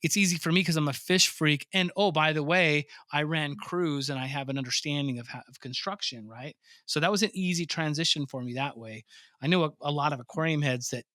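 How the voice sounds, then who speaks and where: Bright, animated storytelling man. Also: fairly high pitch, fairly quick, no echo, studio quality. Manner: animated storyteller, swears freely, acts out his own reactions. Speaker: podcast guest, pond business owner. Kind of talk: casual interview storytelling.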